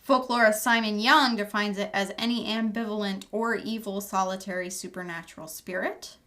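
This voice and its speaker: An American woman co-hosting a podcast in casual chat, animated and quick to laugh. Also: mid-range voice. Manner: animated, laughs often, puts on quoted voices. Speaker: podcast co-host.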